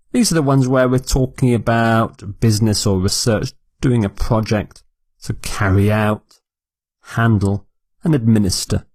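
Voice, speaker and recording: A man teaching English vocabulary, repeating each word clearly and explaining it for learners. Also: medium pitch, darkish tone, no echo. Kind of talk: slow, deliberate vocabulary lesson.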